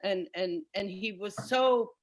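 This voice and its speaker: A woman's voice: medium pitch, slow pace. A middle-aged woman doing a brash, punchy stand-up comedy set from home on a video call. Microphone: computer mic on a video call. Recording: noisy video call audio.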